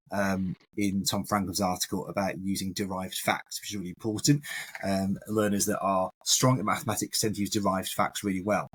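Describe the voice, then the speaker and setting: A man's voice: on the low side, breathy edge. A man, a maths educator, talking animatedly in a casual podcast discussion. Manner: animated, acts out classroom examples.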